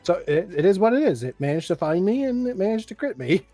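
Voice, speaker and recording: A man's voice: high-pitched, big pitch swings, fast, music in the background. A man playing in a tabletop game, talking in an easygoing, good-humored way. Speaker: player. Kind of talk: casual table banter.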